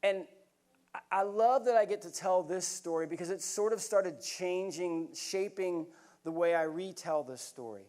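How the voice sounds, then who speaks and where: A man's voice: high-pitched, normal speed, darkish tone. A middle-aged man giving a motivational speech at a conference, telling stories in an earnest, folksy way and calling the crowd "y'all". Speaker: keynote speaker. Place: conference hall.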